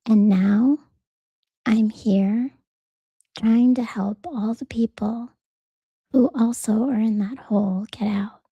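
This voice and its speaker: A woman's voice: on the high side, steady tone, takes it slowly, pauses often, mellow, slightly rough, no echo, lo-fi sound. A woman hosting her own podcast, talking in an earnest, conversational way and telling a story in which she quotes the people in it. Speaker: podcast host. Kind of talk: personal reflective monologue.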